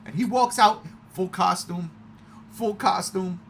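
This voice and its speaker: A man co-hosting a podcast, chatting excitedly about a movie with frequent swearing and loud outbursts. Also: high-pitched, moderate pace, a little hiss or hum. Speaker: podcast co-host. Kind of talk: excited casual movie chat.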